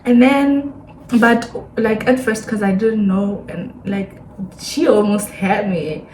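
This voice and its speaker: A woman's voice: medium pitch, takes it slowly, a little hiss or hum. Chatty young woman from Botswana. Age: 20s. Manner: chatty, animated, acts out quoted people. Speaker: vlogger. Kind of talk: casual sit-down chat. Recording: echoey room, faint ambience.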